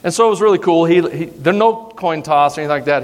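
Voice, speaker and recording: A male pastor with a high voice gives an animated, joking sermon and teases his congregation. His voice carries through a church hall with a long, lingering reverb. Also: quick pace. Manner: animated, humorous, teasing the audience.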